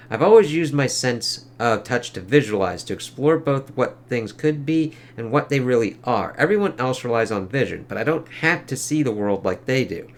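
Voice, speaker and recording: Here is a calm, thoughtful blind woman sculptor, as a man reads her lines from a comic. She speaks in a mid-pitched, even voice and describes touch and texture with quiet focus. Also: close to an everyday voice. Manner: reads comic dialogue aloud in a mostly plain voice.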